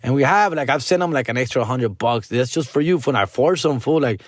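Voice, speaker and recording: A man's voice: medium pitch, lively intonation, a little fast, few pauses, dry recording, studio quality. A comedian and podcast host ranting in a casual, frustrated way, full of slang and swearing, dropping Spanish phrases into his English. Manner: frustrated, venting.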